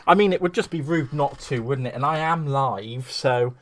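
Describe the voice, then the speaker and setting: A man with a mid-range voice, speaking at a normal speed, hosts a live crafting stream in a loose, chatty way. He rambles, gushes and warmly greets viewers by name, with a faint hiss under the recording.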